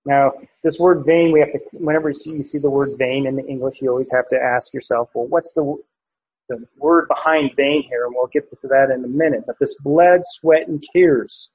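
A man's voice: medium pitch, fairly even intonation, moderate pace, husky. A man preaching, teaching a passage verse by verse, with frequent fillers and restarts. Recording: dull lo-fi recording.

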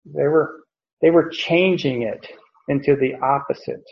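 A man with a gravelly, creaky voice works through a Bible passage verse by verse. He explains in a loose, conversational way and circles back to repeat his points. The recording sounds dull and lo-fi. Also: fairly high pitch, a little slow. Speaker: Bible teacher.

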